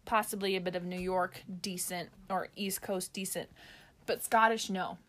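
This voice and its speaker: Bright-voiced giggly woman. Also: fairly low pitch, steady tone, normal speed. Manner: giggly, playful, tries silly accents. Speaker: podcast co-host. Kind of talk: casual chat.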